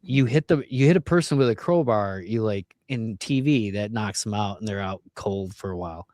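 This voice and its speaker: A man co-hosting a podcast, rambling through dark jokes full of fillers in casual banter. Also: lowish voice, expressive, moderate pace, no room sound, clean studio sound. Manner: rambling, darkly joking, filler-heavy. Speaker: podcast co-host.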